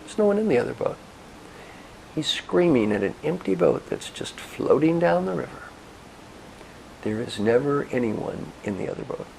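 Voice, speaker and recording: A man giving a motivational talk, guiding listeners through reflection and telling stories in an expressive, directive way. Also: fairly high pitch, vocal fry, a little hiss or hum, poor audio. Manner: expressive, directive, with soft pauses. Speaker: motivational speaker and coach. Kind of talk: guided reflection and storytelling talk.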